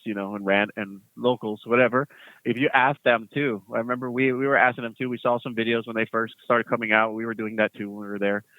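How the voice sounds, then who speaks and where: A man, a former US Marine, telling rambling, animated stories as a podcast guest. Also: medium pitch, fast talker, dry recording. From United States. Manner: rambling, animated storytelling with laughs. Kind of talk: casual podcast chat. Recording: tinny phone-like line, dry.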